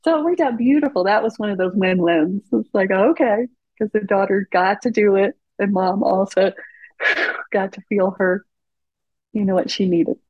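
A woman, a parent coach and therapist, talking in a lively way as a podcast guest and acting out dialogue from her own stories. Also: medium pitch, moderate pace, no echo. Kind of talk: conversational podcast storytelling. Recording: slightly dull, muffled audio.

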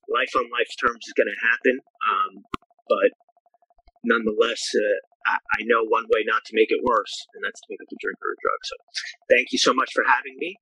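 Husky, halting man sharing at a meeting. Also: fairly low pitch, steady tone, bright, forceful tone, dry recording, poor audio. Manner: halting and heartfelt, with frequent restarts and fillers. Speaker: AA group chair. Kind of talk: personal recovery share on a video call. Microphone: video call.

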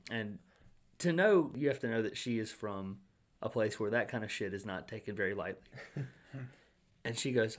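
A young man and restaurant manager in casual chat, telling animated stories, swearing freely and acting out what others said. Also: mid-range voice, fairly quick.

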